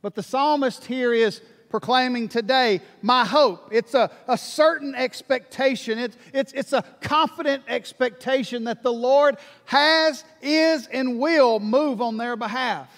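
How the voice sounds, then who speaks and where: A man from Alabama preaching a sermon, animated, repeating words and acting out people's prayers. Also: very high voice, a little slow, hardly any pauses. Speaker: pastor. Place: church sanctuary. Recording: long reverb of a church hall.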